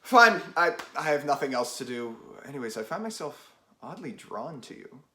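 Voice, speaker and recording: A man's voice: medium pitch, big pitch swings, normal speed, pushed and bright. A man voicing an awkward, hesitant young man in a student comedy play, stammering often.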